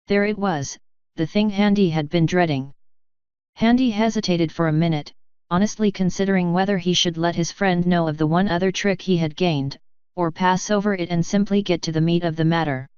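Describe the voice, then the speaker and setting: A woman reading fanfiction aloud in a steady storytelling manner, in a dull lo-fi recording. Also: fairly low pitch, moderate pace, clear, resonant tone, dry recording. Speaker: story reader. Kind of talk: fanfiction read-aloud narration.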